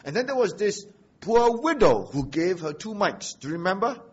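A man's voice: high-pitched, sing-song, normal speed, breathy edge, dull audio. A man preaching a sermon as pastor, emphatic, with rhetorical questions and repeated phrases.

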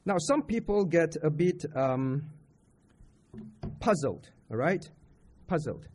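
Speaking slowly but with lively intonation, a Singaporean-accented man teaches from scripture in a church camp sermon; his voice is on the high side and darkish in tone. He keeps it conversational, putting questions to listeners and restating his points, over a slight hiss or hum.

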